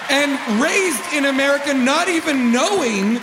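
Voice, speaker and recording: A man co-hosting a casual comedy chat, animated and laughing, with occasional swearing. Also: very high-pitched, measured pace, crowd noise, noisy background. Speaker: podcast co-host. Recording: echoey room with long reverb.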